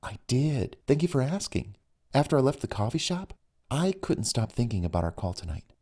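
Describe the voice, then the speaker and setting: A man's voice: medium pitch, big pitch swings, moderate pace, warm tone, breathy edge, pitched above the performer's own voice. A man voicing a chatty, eager young woman on a phone date in an audiobook. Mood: excited. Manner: bubbly, chatty. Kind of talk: audiobook reading.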